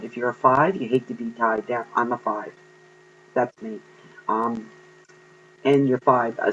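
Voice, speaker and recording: A man giving an earnest, encouraging tarot reading to viewers, pausing often with ums. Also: mid-range voice, a bit bright, lo-fi sound, slight background noise. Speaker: tarot card reader.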